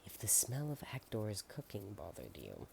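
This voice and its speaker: A soft-spoken reader voicing a kindly old farmer in a gentle, whispered role-play as part of a storybook reading. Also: low-pitched, wildly swooping pitch, normal speed, gravelly, a little hiss or hum, heavily acted.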